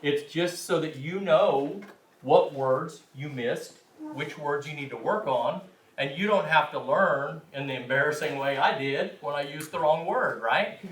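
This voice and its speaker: A man's voice: a little high, a little slow, a bit bright. A man teaching a language class, chatty and informal, often checking in with his students. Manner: chatty, frequent "right?" check-ins, self-deprecating. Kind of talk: classroom instruction. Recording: roomy, distant, faint hiss.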